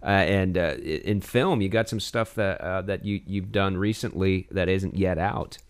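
Low-voiced joking male host. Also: steady tone, normal speed, smooth. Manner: joking, asks questions with hesitant fillers. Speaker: interview host. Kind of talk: casual interview chat.

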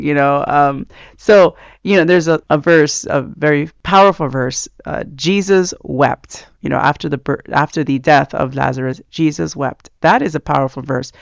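A man's voice: a little high, gravelly, smooth, no echo. A man giving a casual, rambling devotional talk about reading scripture, earnest, with many fillers. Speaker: Christian speaker. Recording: dull lo-fi sound, dry.

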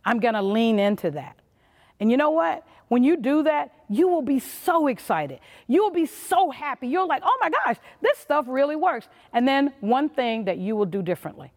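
A woman with a fairly high, sing-song, darkish voice speaks at normal speed, with a big-room sound. She's a motivational conference speaker giving a leadership talk, emphatic and punchy, acting out little quoted voices.

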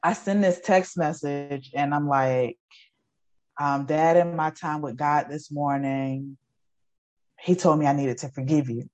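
A woman's voice: low voice, fairly even intonation, unhurried, darkish tone. A woman in her forties, an educator, giving an emotional personal testimony in an earnest, repetitive storytelling way. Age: 40s. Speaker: guest, educator.

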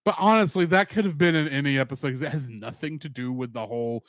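A man's voice: medium pitch, no room sound, studio quality. A man co-hosting a podcast, chatting casually about a TV episode and acting out bits of dialogue. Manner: animated, acts out character lines in quick voices. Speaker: podcast co-host. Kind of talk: casual review chat.

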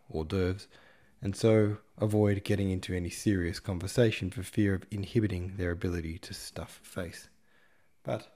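A man's voice: sits low, darkish tone. A man narrating a classic novel in a wry, slangy retelling. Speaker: podcast host reading a novel. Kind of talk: audiobook narration.

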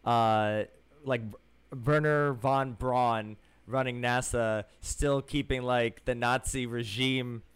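A man co-hosting a casual film podcast, excitable and prone to tangents and stumbling restarts. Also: mid-range voice, slow, smooth. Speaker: podcast co-host.

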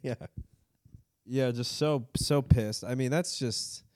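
A man co-hosting a casual comedic podcast, teasing and quick with quips, recorded in a basement. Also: mid-range voice, a little mellow, no echo, clean studio sound. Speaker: podcast co-host. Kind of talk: casual comedic history chat. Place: unheated basement.

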